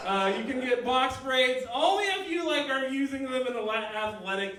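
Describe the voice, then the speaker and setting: A man's voice: very high-pitched, animated, normal speed, pushed and bright, voice pushed up, full character voice. A man putting on a polite upselling phone agent. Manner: bureaucratic, upselling. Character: polite male customer service agent. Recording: echoey room, mic far off.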